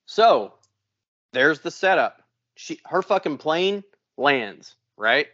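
A man's voice: fairly high pitch, big pitch swings, slow pace, fairly bright tone, dry recording, dull audio. A man co-hosting a podcast, telling a long profane story and acting out both sides of an argument. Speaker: podcast co-host. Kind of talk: casual storytelling.

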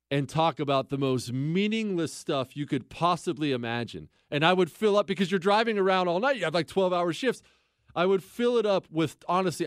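A man hosting a podcast, telling a story in casual comedic style, animated and sardonic, with self-mocking asides. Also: fairly high pitch, clear, resonant tone, no room sound, studio quality. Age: adult.

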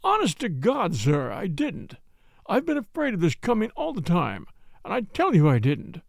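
A frightened, deferential butler, as a man reading a mystery puts him on. He stammers and pleads, his voice sitting high with a gravelly catch, recorded dry and close. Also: wildly swooping pitch, moderate pace, no echo, full character voice. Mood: pleading. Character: anxious, cringing middle-aged English butler. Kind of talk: audiobook character voice.

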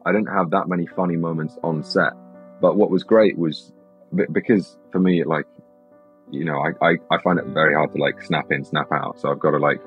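A young British man, an actor, chatting casually in an interview, telling rambling, animated stories with lots of restarts. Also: rumbling low, a little fast, soft background music. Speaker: actor guest. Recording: slightly dull lo-fi sound.

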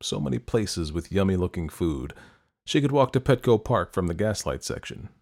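A man hosting a podcast, reading stories aloud in calm, measured scripted narration. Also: sits low. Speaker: podcast host and story narrator.

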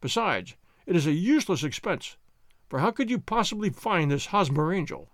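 A man reading an audiobook, voicing an evasive, smooth-talking male visitor who sounds glib and defensive. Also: on the high side, big pitch swings, moderate pace, a bit bright, no echo, clean studio sound.

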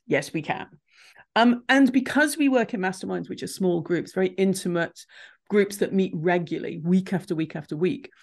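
Business coach lady chatting on a podcast, bit of vocal fry, laughs a lot. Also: mid-range voice. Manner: lively, laughs often, acts out clients' lines. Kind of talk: casual interview chat.

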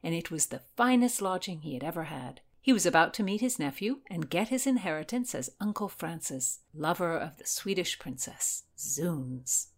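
A woman narrating a historical novel in an expressive, lively storytelling manner. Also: on the low side, normal speed, few pauses. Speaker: audiobook narrator. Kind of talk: scripted narration.

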